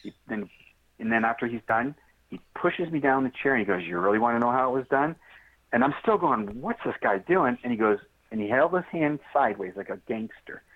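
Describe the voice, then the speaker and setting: A man guest on a podcast interview telling a story in a straightforward, animated way and acting out the dialogue. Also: mid-range voice, fairly quick, breathy edge. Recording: tinny phone line.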